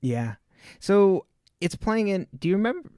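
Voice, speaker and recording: A man's voice: high voice, big pitch swings, unhurried, mellow, no room sound, clean studio sound. A man from Southern California co-hosting a podcast, recapping a TV episode in casual chat with rambling anecdotes and frequent laughter. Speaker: podcast co-host.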